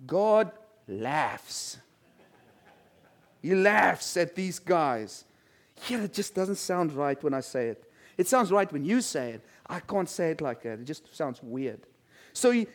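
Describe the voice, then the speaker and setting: High-voiced male preacher. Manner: conversational, asks the congregation questions, repeats words. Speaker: pastor. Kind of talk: sermon with scripture reading.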